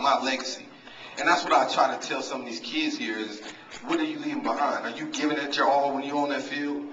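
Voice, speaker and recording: A man's voice: mid-range voice, sharp tone. A man, giving a humorous, motivational banquet speech as a coach and talking straight to the crowd, recorded in a large hall from a distance. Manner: storytelling, talks straight to the crowd. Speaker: guest speaker and coach. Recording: echoey hall, distant mic, dull sound.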